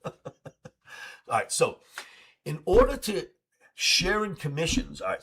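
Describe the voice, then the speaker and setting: Animated, husky-voiced man telling stories. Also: mid-range voice. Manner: animated, swears freely, acts out dialogue. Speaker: stream host answering questions. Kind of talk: live Q&A storytelling.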